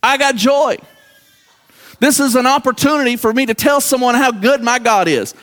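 High-voiced man preaching a sermon. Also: moderate pace, fairly bright tone, in a large hall. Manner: preachy, acts out quoted voices of congregants. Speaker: pastor.

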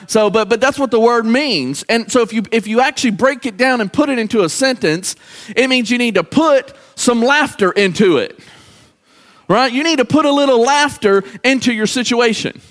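Male pastor with a high voice, halting sermon style, reverberant sanctuary. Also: animated, fairly bright tone. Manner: halting, repeats words, calls out to congregation. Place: church sanctuary. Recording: church hall with long reverb.

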